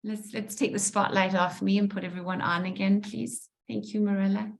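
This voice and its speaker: A woman hosting an online women's circle over a video call, gentle and playful, guiding the group with encouragement. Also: medium pitch, level tone, normal speed, creaky.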